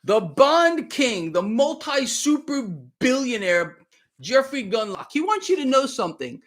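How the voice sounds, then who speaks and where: A man's voice: high-pitched, sing-song, unhurried. A man hosting a live stream of market commentary, talking straight to his viewers with sarcastic, exclaiming emphasis.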